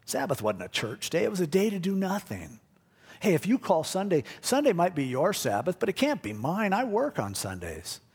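A man's voice: high-pitched, huge pitch swings, normal speed, darkish tone, breathy edge, in a large hall. A male pastor giving a conversational, jokey sermon. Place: church.

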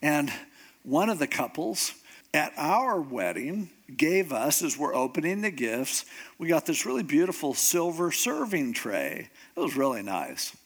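A man's voice: a little high, measured pace, husky. A middle-aged man preaching a humorous sermon, telling stories and acting out the voices of the people he quotes. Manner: animated storytelling, acts out quoted voices. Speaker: pastor.

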